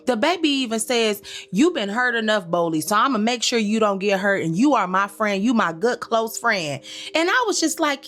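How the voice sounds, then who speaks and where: Lively sassy woman recapping an episode. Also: fairly high pitch, normal speed, soft background music. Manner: animated, sassy, talks back to characters in quoted asides; slangy, addresses listeners as y'all. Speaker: comedic commentary host. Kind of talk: comedic recap commentary.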